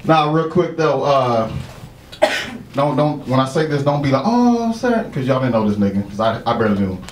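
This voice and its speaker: On stage in an echoey room with crowd noise audible, a man does stand-up, speaking briskly in a mid-range voice. His story is full of profanity, and he cracks up at his own jokes.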